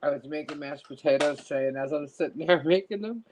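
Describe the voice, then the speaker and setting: A woman's voice: low-pitched, fast talker, slight background noise, low-quality recording. A woman co-hosting a casual live podcast chat, telling stories with frequent laughter and complaining she is cold. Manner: laughs often, animated storytelling. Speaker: podcast co-host.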